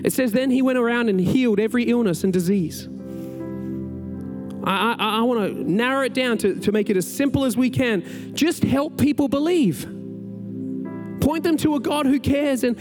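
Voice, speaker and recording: A man preaching a conversational, energetic sermon as pastor. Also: very high-pitched, normal speed. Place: church sanctuary. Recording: large hall with long reverb, faint music.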